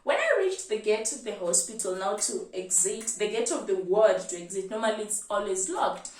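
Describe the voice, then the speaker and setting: A Kenyan woman in her twenties, a medical student, telling a personal story in an animated vlog style. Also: mid-range voice, moderate pace, roomy sound, distant mic. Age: 20s. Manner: animated storytelling, lively retelling.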